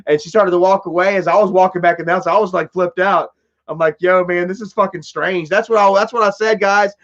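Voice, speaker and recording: A high-voiced man talks casually to his live stream chat, rambling through a story with plenty of swearing, fillers and restarts. The sound is slightly dull and lo-fi. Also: fairly even intonation, fast, fairly bright tone.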